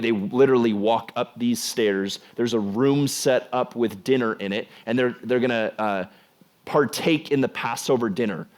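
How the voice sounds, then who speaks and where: A man's voice: mid-range voice, darkish tone. A young adult man giving a casual youth sermon as a youth pastor, conversational and full of "like" fillers. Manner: conversational, filler-heavy with frequent "like".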